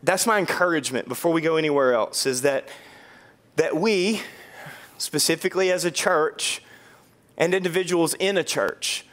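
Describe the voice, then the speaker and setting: Male pastor, high voice, lively sermon delivery, playful quick asides, slow emphatic lines. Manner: animated, joking, swings between quick asides and slow emphatic phrases.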